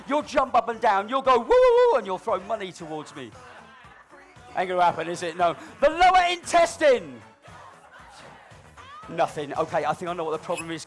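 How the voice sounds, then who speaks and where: A high-voiced comedy entertainer who works with balloons teases the crowd from a stage in front of a live audience. His manner is cheeky and mock-dramatic, moving between loud announcing and low, confiding asides.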